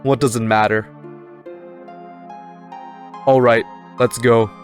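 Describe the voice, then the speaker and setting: Guy reading out a cold calm swordsman from a game, level commanding voice, slight accent, music low behind. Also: slow, close to an everyday voice. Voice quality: even, commanding delivery with a slight put-on accent. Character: cold, calm elite swordsman, adult man. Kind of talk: reading game dialogue aloud.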